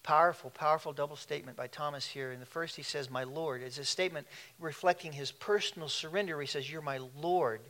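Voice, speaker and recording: Man, pastor preaching, animated, laughing asides, fairly high voice. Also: a little fast, few pauses. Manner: animated, laughing asides, shifts between loud and hushed. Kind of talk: sermon.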